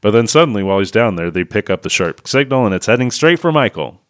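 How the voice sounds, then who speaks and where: A man co-hosting a podcast, recapping a movie in a sarcastic, animated way. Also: on the low side, quick pace, dry recording. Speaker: podcast co-host. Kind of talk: casual movie review chat.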